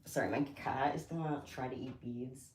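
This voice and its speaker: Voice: mid-range voice, steady tone, moderate pace, darkish tone. A livestream host chatting casually while crafting, giggly and rambling off on tangents. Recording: roomy echo.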